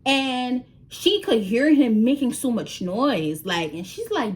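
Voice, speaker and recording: A woman's voice: fairly high pitch, animated, a little slow. A woman vlogger telling a story in a casual, slangy way, swearing freely and acting out the voices of the people in it.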